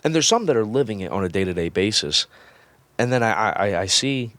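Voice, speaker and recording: A man's voice: lowish voice, animated, brisk, a bit bright, no room sound. A young man talking bluntly in a casual podcast chat, swearing a lot and often restarting his words. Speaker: guest, employee.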